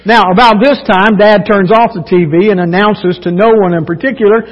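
A man with a high voice preaches in a church, and his words ring out in a long hall echo. His delivery is folksy and joking, moving into earnest exhortation. The recording sounds dull and lo-fi. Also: takes it slowly, pauses often. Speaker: pastor. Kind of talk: sermon. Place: church sanctuary.

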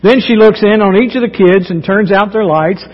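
A man with a high voice preaches in a church, and his words ring out in a long hall echo. His delivery is folksy and joking, moving into earnest exhortation. The recording sounds dull and lo-fi. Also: moderate pace. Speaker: pastor. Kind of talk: sermon. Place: church sanctuary.

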